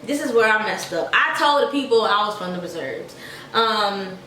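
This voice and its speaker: A woman's voice: medium pitch, expressive, normal speed, bright, forceful tone, far from the mic. A young woman from Georgia, a soldier telling a chatty storytime to her viewers and calling them y'all. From Georgia, USA. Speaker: army soldier. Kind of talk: casual storytime vlog. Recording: echoey room, voice a bit off-mic, faint noise.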